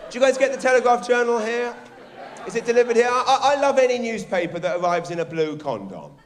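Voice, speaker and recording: A man's voice: extremely high pitch, lively intonation, fast, crowd noise, noisy background. A man doing a stand-up comedy set on a theatre stage, telling stories animatedly, acting out characters and swearing. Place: theatre stage before a live audience. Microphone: stage microphone.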